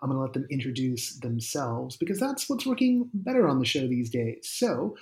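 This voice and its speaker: Give me a male podcast host with a warm, dark tone and an energetic, quick delivery. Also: medium pitch, slightly rough. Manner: energetic, quick bursts with restarts. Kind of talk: casual podcast talk and sponsor plugs.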